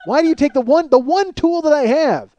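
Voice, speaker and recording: A man hosting a comedy podcast, delivering a profane, exasperated rant that swings between loud outbursts and low muttering. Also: a little fast, dull audio. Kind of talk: ranting comedic monologue.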